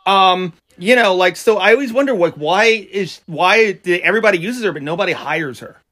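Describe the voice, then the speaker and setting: High, bright-voiced man hosting a chat. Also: normal speed. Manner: leads the discussion, knowledgeable, steady. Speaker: podcast host. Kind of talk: casual chat.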